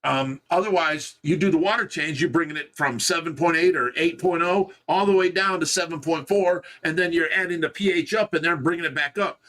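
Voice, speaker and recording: A Midwestern American man co-hosting a fish rescue stream from his home talks a little fast with hardly any pauses, his fairly high voice slightly bright. The indoor livestream chat is casual and rambling, marked by restarts and his laughing at himself.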